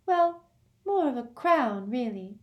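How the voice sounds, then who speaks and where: A woman's voice: high voice, big pitch swings, slow, muffled recording, pitched above the performer's own voice, full character voice. A woman voicing a dreamy, airy teenage girl in a storybook reading, with a lilting, otherworldly manner.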